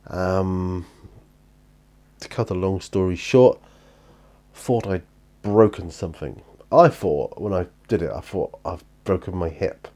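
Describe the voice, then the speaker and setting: British male hobby vlogger, low and mellow, tired, rambling chat. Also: takes it slowly, pauses often. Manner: rambling, chatty, with many fillers and restarts. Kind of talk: casual chat. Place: hobby room at home.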